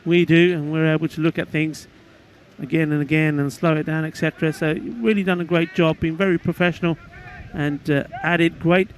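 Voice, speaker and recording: A man giving relaxed, appreciative cricket commentary alongside a colleague. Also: fairly high pitch, fairly quick, slight background noise. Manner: relaxed, appreciative, laughs easily. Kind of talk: live sports commentary.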